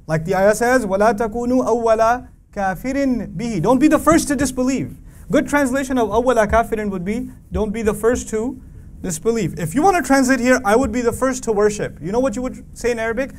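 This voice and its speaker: High-voiced man giving a lively religious lecture. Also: fast talker, a little hiss or hum. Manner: animated, asks the audience rhetorical questions; recites Arabic verses between English explanation. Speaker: Quran teacher. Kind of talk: religious lecture to a live audience.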